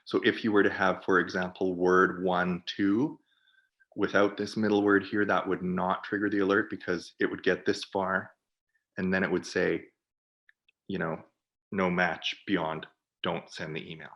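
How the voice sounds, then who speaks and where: A man on a video call, presenting for a product team and walking through software in a webinar while thinking aloud. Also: deep voice, level tone, normal speed, dull audio.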